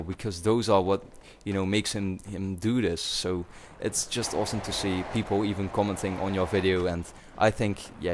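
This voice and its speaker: Young Dutch-accented male YouTuber, slightly low voice, rambling vlog chat full of fillers. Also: noisy background. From Netherlands. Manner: rambling, many fillers and restarts. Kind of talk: casual commentary to viewers.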